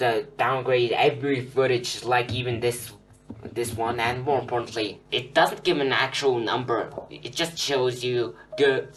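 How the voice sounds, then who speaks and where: A man's voice: medium pitch, fairly bright tone. A young man rambling through an unscripted phone review, with many fillers and restarts. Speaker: tech reviewer. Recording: slightly distant with faint hum.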